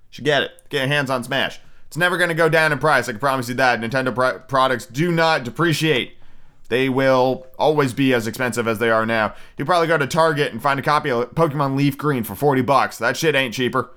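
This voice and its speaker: A man's voice: mid-range voice, fairly quick, pushed and bright. Rambling, cursing male podcast host. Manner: rambling, profane, self-interrupting. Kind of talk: casual solo podcast review.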